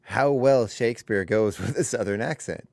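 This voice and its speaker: A man's voice: on the low side, normal speed, creaky, a little mellow, dry recording. A man co-hosting a morning radio show, chatty and rambling, at a studio microphone. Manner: chatty, rambling, self-correcting. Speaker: radio co-host.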